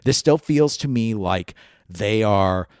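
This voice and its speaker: A man co-hosting a podcast, talking in an animated, playful way as he riffs on ideas and teases his partner. His voice sits a little low, and it sounds close and dry, with no room echo at all. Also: slow, clean tone. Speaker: podcast co-host. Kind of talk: casual chat.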